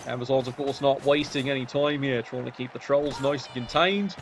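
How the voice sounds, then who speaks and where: A man's voice: mid-range voice, fairly quick, a little hiss or hum. A man giving wry, sarcastic play-by-play commentary on a video game match.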